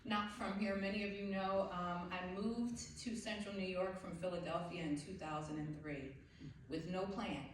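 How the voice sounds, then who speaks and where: A woman gives a heartfelt, grateful award acceptance speech from a stage. Her voice sits on the low side. She is heard from some distance, in a very echoey hall with faint background noise. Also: fairly even intonation, normal speed. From South Jersey. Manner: heartfelt, grateful, faith-filled. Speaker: award recipient. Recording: very echoey hall, far from the mic.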